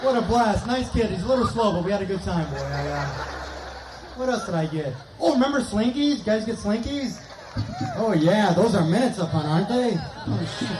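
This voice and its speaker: High-voiced man doing stand-up outdoors. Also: animated. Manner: rapid jokey patter, acting out voices, laughing at his own jokes. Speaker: stand-up comic. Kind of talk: stand-up comedy set. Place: outdoor park concert stage. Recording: echoey outdoor concert with crowd noise.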